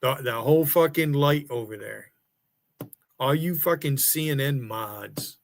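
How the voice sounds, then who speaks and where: A man's voice: mid-range voice, measured pace, creaky. Swearing, taunting man ranting on stream. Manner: angry, profane, taunting. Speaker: live streamer. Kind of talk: profane livestream rant.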